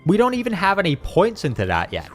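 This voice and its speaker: A young man giving casual commentary over his own strategy game run, excitable, swinging between flat asides and loud outbursts. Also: sits high, fast talker, soft background music. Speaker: gaming YouTuber. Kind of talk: gameplay commentary.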